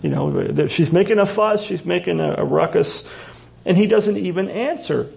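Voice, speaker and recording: A man's voice: high voice, normal speed, vocal fry. A man preaching a sermon, asking rhetorical questions and often restarting his phrases. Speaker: pastor. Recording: dull lo-fi recording.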